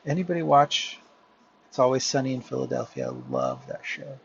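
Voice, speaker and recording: A drawing vlogger with a slow, gravelly, mid-range voice rambles casually while he draws, talking to himself with huge pitch swings and drifting into soft muttering. The lo-fi audio has a little hiss or hum and comes from a headset microphone.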